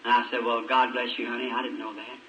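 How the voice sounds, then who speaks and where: A man's voice: medium pitch, flat delivery, quick pace, sharp tone. A man, folksy and emotional, telling a story from the pulpit of an old sermon recording. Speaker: preacher. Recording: distant, echoey, noisy old tape.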